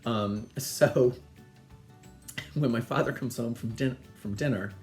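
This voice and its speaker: A middle-aged man, the host, telling family stories in a chatty, animated way and laughing often. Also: mid-range voice, slow, faint music behind. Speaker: podcast host. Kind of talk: casual storytelling.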